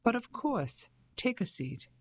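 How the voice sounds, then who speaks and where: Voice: medium pitch, very animated, takes it slowly, a bit bright, pitched above the performer's own voice, full character voice. An audiobook narrator voicing Henri, a friendly French cafe owner who talks with amused hospitality. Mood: plain.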